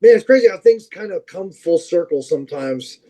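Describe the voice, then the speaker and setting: A man who is a podcast guest, telling long, animated anecdotes in casual chat, with plenty of fillers and restarts. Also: sits high, normal speed, rough recording.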